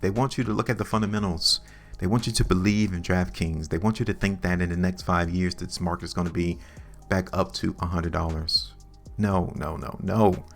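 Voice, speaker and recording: Low gravelly guy ranting about stock charts, faint music behind. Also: steady tone, moderate pace. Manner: emphatic, repetitive, lecturing the viewer. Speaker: stock market video host. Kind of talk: chart analysis commentary.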